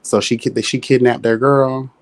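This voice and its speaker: A man's voice: medium pitch, level tone, normal speed. Sassy man co-hosting a livestream chat. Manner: sassy, playful, calls people child and honey. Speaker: livestream co-host. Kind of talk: casual commentary chat. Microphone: streaming mic.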